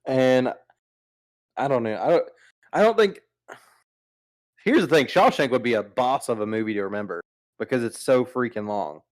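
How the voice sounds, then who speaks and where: A man's voice: medium pitch, animated, moderate pace, pauses often. A man hosting a podcast in casual chat, rambling and teasing his co-hosts with many restarts. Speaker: podcast host.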